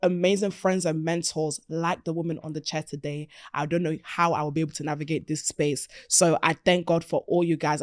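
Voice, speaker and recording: A woman hosting a podcast interview in an upbeat, playful manner full of slang and shout-outs. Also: sits low, level tone, brisk, hardly any pauses, no room sound, clean studio sound. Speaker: podcast host. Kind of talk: lively interview chat.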